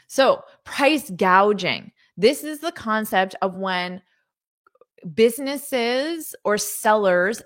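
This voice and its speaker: A woman teaching an English lesson on a live stream, greeting viewers by country and repeating words slowly to model pronunciation. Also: mid-range voice. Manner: enthusiastic, greets viewers, laughs often.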